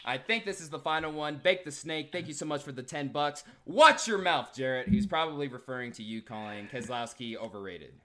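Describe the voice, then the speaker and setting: A man's voice: mid-range voice, quick pace, hardly any pauses. A man hosting a casual motorsport livestream, reading out viewer donations and laughing often. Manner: animated, reads donor messages with laughs. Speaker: podcast host reading donations.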